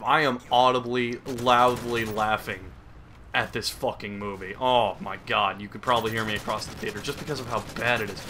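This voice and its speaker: A man's voice: mid-range voice, pushed and bright, slight background noise. A young man giving crude, sarcastic comedic commentary over gameplay, rambling and mocking as he goes. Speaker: gaming commentator.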